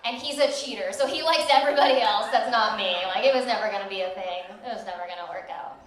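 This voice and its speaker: A young woman works through a stand-up set with dry, self-mocking delivery. Her voice sits a little higher than most women's. The recording catches her from out in the room, so the club's strong echo surrounds every line. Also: quick pace. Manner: deadpan, self-mocking punchlines. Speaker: stand-up comedian. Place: comedy club stage. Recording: echoey club, voice from far off.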